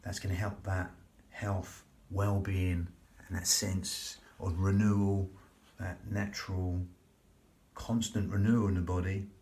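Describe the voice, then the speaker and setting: Slow, soothing low-voiced man. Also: level tone, a little mellow. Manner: slow, soothing, repetitive guidance. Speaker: yoga and breathing instructor. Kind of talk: guided relaxation instruction.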